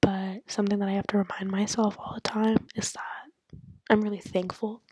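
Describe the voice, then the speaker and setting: Young woman, 19, casual late-night laptop monologue; hushed, breathy whisper, dry close sound, rambling and self-mocking. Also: medium pitch, level tone, normal speed, no echo. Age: 19, turning 20. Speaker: college student podcaster. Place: at home at night. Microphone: laptop mic.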